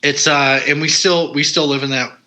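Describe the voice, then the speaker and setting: A man's voice: a little high, steady tone, moderate pace, sharp tone, low-quality recording. A man guesting on a podcast, talking casually and bluntly, with lots of fillers, restarts and the odd swear word. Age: adult parent. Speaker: podcast guest, paranormal investigator. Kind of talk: casual conversation.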